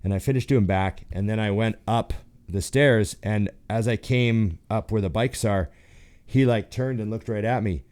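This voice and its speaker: Deep-voiced Canadian man telling stories. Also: moderate pace. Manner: animated, acts out the voices in his stories. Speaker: guest, pro bodybuilder. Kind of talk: casual storytelling.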